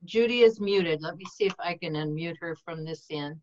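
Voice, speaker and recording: A woman's voice: lowish voice, moderate pace, a little mellow. A woman taking part in a group class over a video call, speaking in a helpful, matter-of-fact way. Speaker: class participant. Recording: dull lo-fi video call audio.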